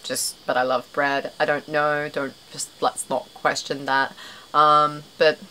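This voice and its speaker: A young Australian woman rambles to her camera, self-deprecating and full of fillers. Her voice sits low for a woman. A faint hiss of noise runs under her talk. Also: level tone, takes it slowly, sharp tone, rough recording. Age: young adult. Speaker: vlogger. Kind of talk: casual chat to camera.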